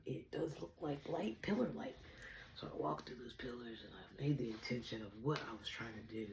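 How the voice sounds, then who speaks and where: A woman hosting her own chat vlog from home, talking fast and bubbly about spiritual topics and laughing often. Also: very deep voice, darkish tone, a little hiss or hum, rough recording. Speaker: vlog host. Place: home apartment.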